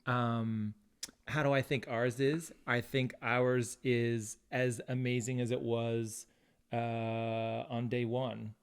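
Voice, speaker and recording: A man's voice: medium pitch, flat delivery, slow, clean tone. A man about fifty chatting casually with his husband, making dry, teasing remarks. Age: 50s. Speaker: podcast co-host. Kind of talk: casual chat with spouse.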